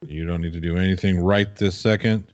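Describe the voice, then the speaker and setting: Man, low voice, relaxed stream helper. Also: fairly quick, muffled recording. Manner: joking, easygoing. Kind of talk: livestream chat.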